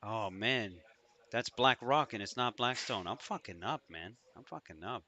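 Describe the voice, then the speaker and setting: A man's voice: on the low side, animated, moderate pace, pushed and bright, a little hiss or hum. A man hosting a live trading stream, talking through charts in loose, profane, joking banter.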